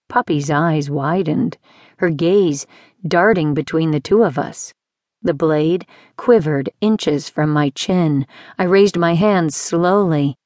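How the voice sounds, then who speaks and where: A woman narrating a first-person audiobook in a measured, even storytelling manner, recorded in a studio. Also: deep voice, no room sound.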